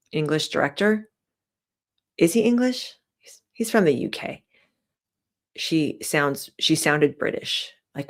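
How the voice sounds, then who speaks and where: Woman vlogger, very low voice, chatty and opinionated. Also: a bit bright. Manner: chatty, opinionated, many fillers. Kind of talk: casual vlog commentary.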